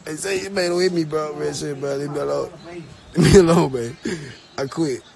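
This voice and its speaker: A man's voice: on the high side, steady tone, normal speed, vocal fry, crowd noise. A young man complaining and swearing in a playful home skit. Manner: whiny, complaining, swears a lot.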